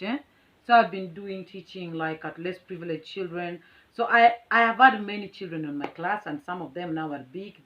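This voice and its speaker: A woman's voice: mid-range voice, fairly bright tone, muffled recording. A middle-aged Kenyan woman, a teacher, vividly tells a story to a phone camera at home. She is boastful and dramatic and laughs often. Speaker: vlogger and teacher. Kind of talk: animated storytelling.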